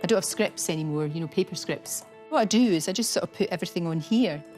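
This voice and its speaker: Woman, Glasgow accent, middle-aged, documentary interview, chatty, lowish voice, faint music. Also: fast, a little mellow. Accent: Glasgow Scottish. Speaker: TV presenter.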